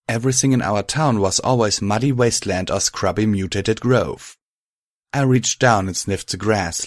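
A man narrating a first-person story in a calm, even manner. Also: on the low side, dry recording, studio quality.

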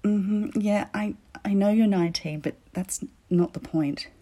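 A woman voicing a teasing, commanding female teacher in an audio role-play, often dropping into soft whispers. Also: mid-range voice, unhurried, close to an everyday voice.

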